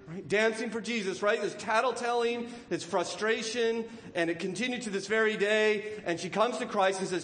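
A man preaching a sermon, animated, acting out the lines of the people in the story and asking rhetorical questions. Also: high voice, a little fast, hardly any pauses, roomy sound. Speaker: pastor.

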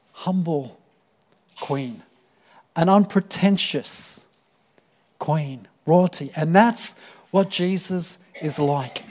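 A pastor delivers a sermon to his congregation in a high, bright voice. Earnest and storytelling, he often pauses on "um," repeats words and restarts phrases before reaching his point.

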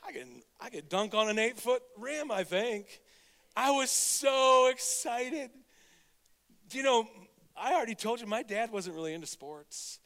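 A man preaching a sermon as pastor, getting over a cold, energetic and exhorting, swinging from loud to hushed. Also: high-pitched, moderate pace, creaky, in a large hall. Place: church sanctuary.

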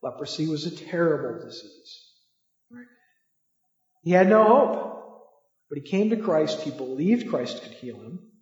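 A man's voice: a little high, big pitch swings, normal speed, darkish tone. A man preaching a sermon in a conversational way, asking the listeners rhetorical questions. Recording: echoey hall, dull lo-fi sound.

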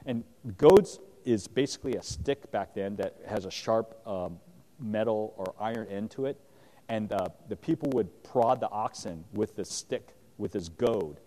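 A man teaching a Bible passage, reading verses aloud and explaining them in a relaxed, conversational way with frequent fillers. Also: fairly low pitch, a little slow. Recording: long hall reverb.

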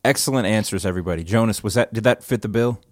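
A laid-back man with a lowish voice hosts a casual podcast chat. He is self-deprecating and drifts into quiet asides. The recording is close and dry, with no room sound. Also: fast talker, no room sound. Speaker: podcast host. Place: church office.

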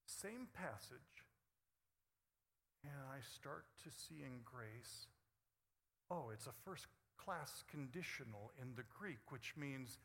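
A man preaching a sermon, moving between hushed, intimate passages and loud, emphatic bursts. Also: medium pitch, expressive, takes it slowly, gravelly, in a large hall. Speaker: pastor.

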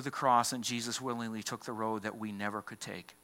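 A male pastor preaches with a fairly low voice and a forceful, bright edge. His delivery is dramatic, with swings between ringing emphasis and hushed near-whispers. He is speaking in a church. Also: steady tone, a little fast, hardly any pauses. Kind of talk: sermon.

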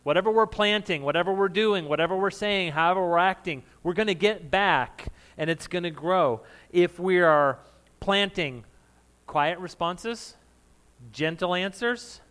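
Loud, high-voiced male preacher. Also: normal speed. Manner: conversational, jokes with the congregation and laughs often; says of himself that he is loud. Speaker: pastor. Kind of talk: sermon.

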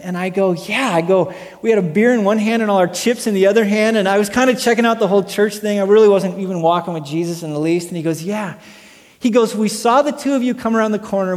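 High-pitched guy preaching, big swings from loud to quiet, long echo in the hall. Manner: animated storytelling, shifting from loud to hushed. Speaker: pastor. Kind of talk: sermon.

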